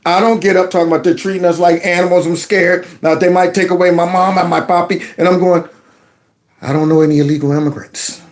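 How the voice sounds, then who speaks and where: A man's voice: sits high, flat delivery, fast, hardly any pauses. A man hosting a political commentary livestream, sarcastic and mocking as he talks back to clips he plays. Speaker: host of a political commentary channel.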